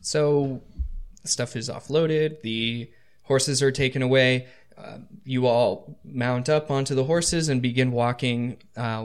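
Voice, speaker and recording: Male game master, mid-pitched voice, rambling narration with many uhs and restarts. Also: clear, resonant tone. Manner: rambling, with frequent fillers and self-corrections.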